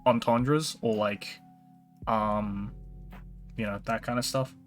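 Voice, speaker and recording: A man's voice: fairly low pitch, fairly even intonation, slow, faint music behind. A man hosting a live stream, chatting loosely with viewers and a co-host, with frequent "like" fillers and swearing. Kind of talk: casual chat with stream viewers. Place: Tokyo.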